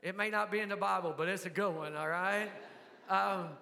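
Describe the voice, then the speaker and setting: Folksy older Southern preacher, high voice. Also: male voice, steady tone, moderate pace, gravelly, pushed and bright, in a large hall. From American South. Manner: folksy, asks the crowd questions. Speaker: pastor. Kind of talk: sermon.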